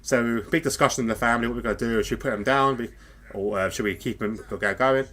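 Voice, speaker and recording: A man's voice: mid-range voice, fairly even intonation, quick pace, pushed and bright. Fields: Sex: man. Role: podcast host. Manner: chatty. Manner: chatty, rambling with fillers and frequent laughs. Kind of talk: casual live podcast chat.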